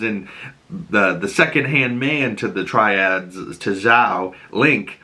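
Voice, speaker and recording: A man with a Boston accent giving a casual, animated episode recap, acting out the characters' lines. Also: fairly low pitch, normal speed. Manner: animated, acts out characters' lines in raised voices. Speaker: TV show reviewer.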